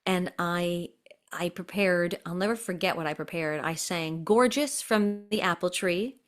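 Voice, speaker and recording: A woman performer being interviewed over a video call, chatty and animated as she tells stories and slips into voices. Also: lowish voice, measured pace. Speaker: guest performer and impressionist. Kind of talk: casual interview storytelling.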